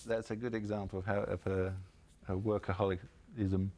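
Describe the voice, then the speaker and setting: A man appearing as a guest on a call-in golf show, chatting casually and telling lively anecdotes. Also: lowish voice, moderate pace. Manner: animated storyteller, chuckles through anecdotes. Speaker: guest golfer. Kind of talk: casual chat.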